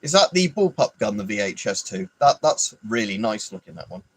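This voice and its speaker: A man's voice: lowish voice, very animated, a little fast, a bit bright, husky, no echo, poor audio. An Englishman hosting a casual livestream, rambling, swearing freely and answering viewers by name. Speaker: livestream host. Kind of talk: casual live chat.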